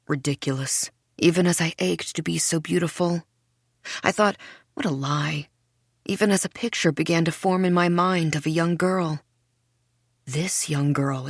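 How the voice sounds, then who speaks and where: A woman reading a first-person mystery audiobook in a measured, hushed way. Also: fairly low pitch, fairly even intonation, no echo, studio quality. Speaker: audiobook narrator. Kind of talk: scripted first-person narration.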